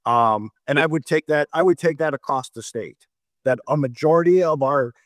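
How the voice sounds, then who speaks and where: A man's voice: fairly high pitch, normal speed, no room sound, clean studio sound. A middle-aged man from North Dakota, a mayor chatting casually on a discussion show, who often restarts and repeats words and tells anecdotes. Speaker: mayor, guest.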